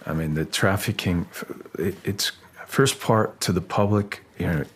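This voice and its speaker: Man, middle-aged, husky low voice, halting, restarts, animated storyteller, casual interview. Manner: halting, restarts often, grows animated while telling a story. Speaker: podcast guest, actor.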